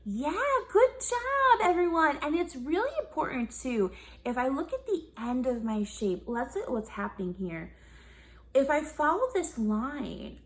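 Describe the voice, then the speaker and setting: A young woman teaching a children's music class, upbeat and encouraging, often asking the kids questions. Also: fairly high pitch. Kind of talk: online kids' music lesson.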